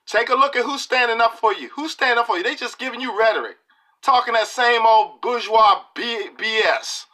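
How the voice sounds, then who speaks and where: Fiery, bright-voiced man preaching. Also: very high voice, a little fast. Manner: preachy and emphatic, colloquial, repeats lines for punch. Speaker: political video commentator. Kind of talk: impassioned political monologue.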